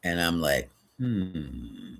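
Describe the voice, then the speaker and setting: A man's voice: extremely low pitch, sing-song, drawn-out words, gravelly, a bit bright. Rambling man hosting a live stream. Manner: rambling and chatty, drifts off topic and corrects himself; greets viewers by name and answers chat. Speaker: host of a spiritual tarot live stream. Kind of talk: casual live-stream chat with viewers.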